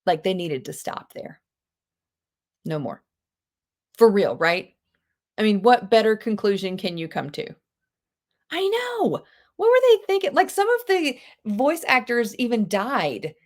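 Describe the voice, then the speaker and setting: A woman teaching a live online English class, animated and chatty, with gasps and quick asides to her students. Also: medium pitch. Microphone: video call.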